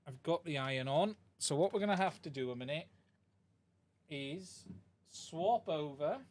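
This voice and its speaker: A man's voice: on the high side, lively intonation, unhurried. Man chatting through a live repair. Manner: chatty, thinks aloud while working. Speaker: streamer repairing a radio controller. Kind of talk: live-stream repair chat. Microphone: desk mic, swaps mics during the stream.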